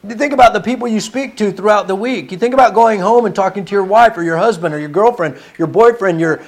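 A man's voice: high voice, fast talker. A man preaching a sermon in an earnest, conversational way, stumbling and restarting now and then.

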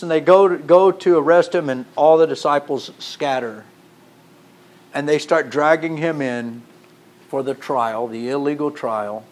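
A man preaches a sermon, reading from scripture and leaning on repeated rhetorical questions. His fairly high-pitched voice swings between loud emphasis and hushed tones.

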